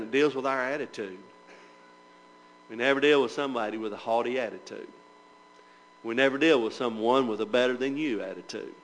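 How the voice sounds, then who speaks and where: A preacher teaches church members in a Bible class sermon, posing rhetorical questions and reading scripture aloud in old-fashioned wording. His voice is mid-range, and the poor audio has slight background noise.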